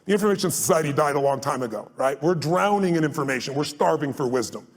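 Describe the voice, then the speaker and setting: A man's voice: a little high, animated, fast. A man speaking to a live audience in a large hall, telling stories and driving home his points in an emphatic, blunt way. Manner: emphatic and blunt, swears for force, acts out anecdotes. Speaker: speaker and guest on a live stage tour. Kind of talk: motivational storytelling to a live audience. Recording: long hall reverb at a live event.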